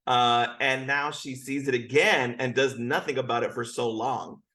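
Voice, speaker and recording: A man as guest co-host in casual recap chat, giving relaxed commentary and frequent short agreements. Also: mid-range voice, normal speed.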